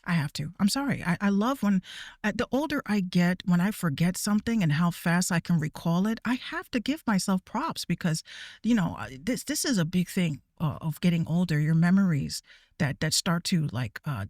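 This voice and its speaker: A woman's voice: on the low side, lively intonation, normal speed, darkish tone, no room sound, clean studio sound. A woman VTuber ranting casually to her viewers, profane and rambling, with stammering restarts. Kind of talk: casual rant.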